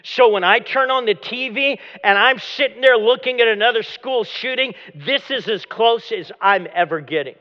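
A man preaching a dramatic sermon as pastor, often dropping to a low hush at the end of a phrase. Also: moderate pace, hardly any pauses. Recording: long hall reverb, dull lo-fi sound.

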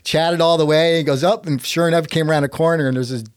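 A fairly high-voiced man from Texas tells a story in a casual, lively way, his pitch leaping up for every quoted line. He sounds middle-aged, and the recording is dry and close. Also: quick pace, clear, resonant tone, no room sound. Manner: animated, jumps up in pitch when quoting others.

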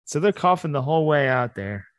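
A man's voice: fairly high pitch, expressive, a little fast, no echo. A man co-hosts a comedy podcast in casual talk. He lays out absurd plans in a dry, offhand tone. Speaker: podcast co-host.

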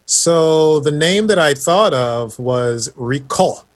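A man's voice: fairly high pitch, expressive, slow. A man chatting casually on a podcast, laid-back and fond of jokes and puns. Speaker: podcast co-host. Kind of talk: casual chat.

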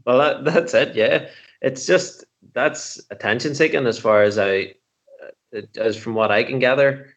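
A man, a comedian, chatting casually and telling animated, profane stories. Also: mid-range voice, a little slow. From Northern Ireland. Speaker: comedian guest.

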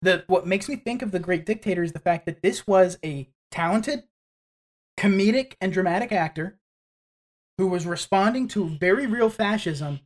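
A woman's voice: fairly low pitch, normal speed. Woman co-host, blunt and profane, casual talk. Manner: blunt, swears freely, repeats herself. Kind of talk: casual political chat.

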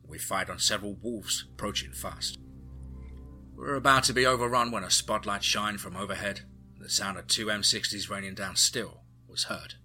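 A man narrating a first-person adventure story in a steady storytelling manner. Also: lowish voice, normal speed, soft background music.

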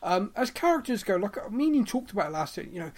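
Man, podcast co-host, casual chat, fillers, voice a bit high. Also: sing-song, fast, a little mellow. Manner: chatty, lots of ums, acts out quoted lines. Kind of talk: casual chat reviewing a TV episode.

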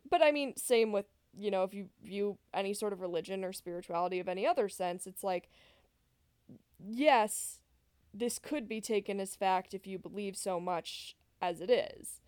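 A woman's voice: mid-range voice, moderate pace, a little mellow, clean tone, dry recording. Chatty woman podcast host, dry sound. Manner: chatty, rambling, with frequent fillers and self-corrections. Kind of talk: casual podcast chat.

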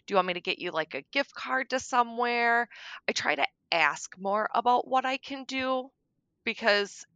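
Bright-voiced woman, frank and darkly funny. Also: fairly high pitch, animated, normal speed, smooth, no echo. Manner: frank, darkly joking, soft-spoken at times. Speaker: podcast guest. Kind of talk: candid conversation about grief.

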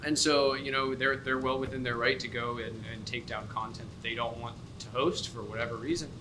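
Male podcast co-host, thoughtful and halting, noisy background hiss. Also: mid-range voice, steady tone. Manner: thoughtful, lots of fillers like you know and um. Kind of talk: casual podcast discussion.

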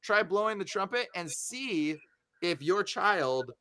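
Animated bright-voiced man telling a story. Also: high voice, takes it slowly. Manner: animated, acts out voices in his stories. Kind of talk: casual storytelling.

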